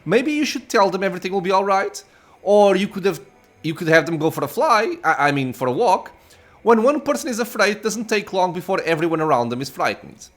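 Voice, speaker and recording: A man's voice: sits high, sing-song, brisk, fairly bright tone, voice pushed up. A man reading the lines of a playful, chatty young female dragon child from a game. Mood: chirpy. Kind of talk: reading game dialogue aloud.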